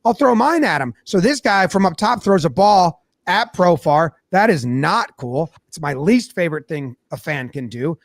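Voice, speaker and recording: A man recapping a baseball game in a casual, animated way, storytelling with lots of energy. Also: fairly high pitch, normal speed, few pauses, no echo, studio quality. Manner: animated storytelling, acts out players' voices. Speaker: sports commentator.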